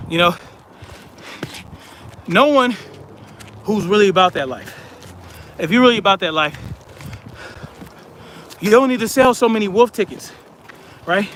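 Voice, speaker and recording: A man's voice: high voice, animated, a bit bright, slight background noise. A man hosting a live stream, chatting casually and reading out viewer comments in a blunt, conversational way. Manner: blunt, conversational, drawn-out emphasis.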